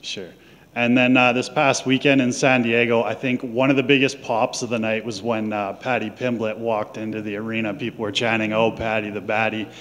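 A male reporter puts direct, polite questions to the stage. His mid-pitched voice echoes with a long reverb through a large room. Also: level tone, moderate pace, a bit bright. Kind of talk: press conference questions.

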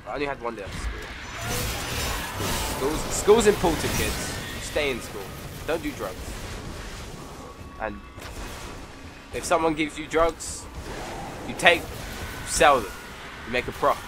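A teenage boy commentating his own gameplay in a goofy, trash-talking way, sniffly from a cold, swinging from mumbled asides to excited yells. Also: mid-range voice, measured pace, pauses often, loud music behind the voice. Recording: noisy home recording.

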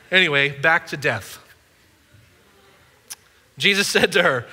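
A man's voice: a little high, lively intonation, slow pace, pauses often, bright, forceful tone, long reverb tail. A man preaching a sermon as a pastor, conversational and playful with the congregation. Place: church auditorium.

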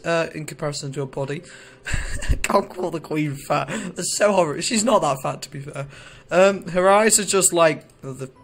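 A man talks through a video game in a loose, rambling way, cracking jokes and breaking off his own sentences. His voice sits a little high for a man, with faint music in the background. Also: a bit bright. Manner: rambling, jokey, self-interrupting. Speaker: gaming video creator. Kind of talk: casual gameplay commentary.

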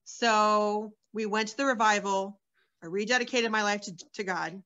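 A woman's voice: medium pitch, steady tone, moderate pace, bright, forceful tone, highs cut off. A woman sharing her personal testimony as a guest, in a candid, earnest storytelling manner with many fillers.

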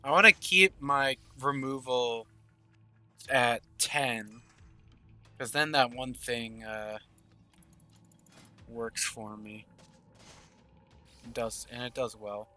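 A man's voice: medium pitch, takes it slowly, long pauses, pushed and bright, faint music behind. A man giving casual gameplay commentary, thinking aloud and murmuring game text as he plays. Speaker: gaming channel host.

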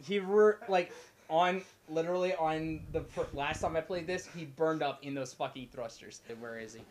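A man commentating a co-op game playthrough, loud and swearing with frequent outbursts. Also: on the high side, normal speed. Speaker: co-op gameplay commentator. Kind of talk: excited let's-play banter.

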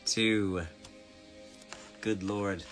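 A man's voice: lowish voice, little pitch movement, extremely slow, a bit bright, soft background music. A man chatting casually on a live stream, reading out fans' names, spelling them, and signing orders in a playful way.

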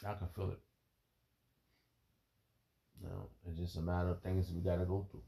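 Deep, gravelly man musing emotionally. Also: level tone, warm tone. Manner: loose, halting, peppered with "man" and "bro". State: emotional, holding back tears. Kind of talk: rambling spiritual monologue.

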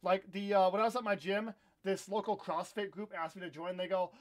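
A young man in his twenties with a fairly high voice chats casually while he plays live. He rambles from one thought to the next and breaks out in sudden loud yelps when the game goes wrong. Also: fairly even intonation, fairly quick. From Iowa, USA. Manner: rambling and chatty, with sudden loud outbursts during play. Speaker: livestream host. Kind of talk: casual live gameplay chat.

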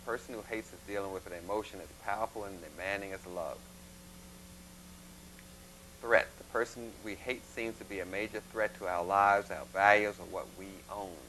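A man giving a plain, instructive lecture, with folksy images and a halting delivery. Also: lowish voice, sharp tone, rough recording. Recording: faint mains hum.

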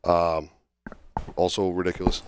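A man co-hosting a casual podcast while under the weather from a cold, talking haltingly with many fillers as he works through a list. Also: low-pitched, little pitch movement, noisy background. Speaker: podcast co-host.

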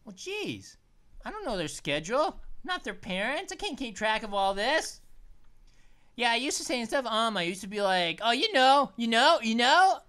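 A woman's voice: fairly high pitch, normal speed. A woman hosting a let's play, chatting casually and jumping at every scare. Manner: excitable and easily startled, chatty. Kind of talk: casual gameplay commentary.

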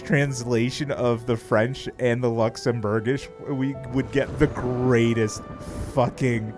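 A man's voice: medium pitch, steady tone, slow pace, a little mellow, faint music behind. A man streaming a game, chatting casually, swearing freely and laughing often as he rambles with restarts. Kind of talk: casual live-stream chat while gaming.

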